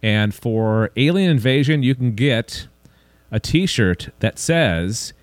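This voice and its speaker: A man's voice: medium pitch, takes it slowly, no room sound. A man hosting a casual podcast, chatting easily and running through the show's closing plugs. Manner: relaxed, chatty, wraps up with plugs. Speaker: podcast host.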